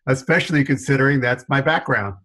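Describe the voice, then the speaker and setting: A middle-aged man with a faint New York accent, a guest telling stories in an interview, animated and self-deprecating, laughing often. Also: mid-range voice, a little fast, rough recording. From New York area. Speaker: guest consultant. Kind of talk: storytelling interview answers.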